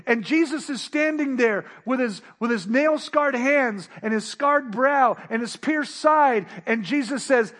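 High-voiced man preaching a sermon. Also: a little slow, few pauses, fairly bright tone. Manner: rhetorical questions and repeated refrains; emphatic preaching. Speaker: pastor.

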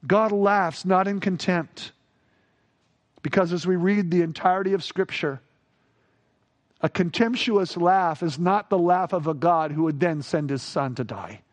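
A man preaching a sermon with expressive delivery, acting out quoted voices and rising sharply for emphasis. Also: sits high, a little slow. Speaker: pastor.

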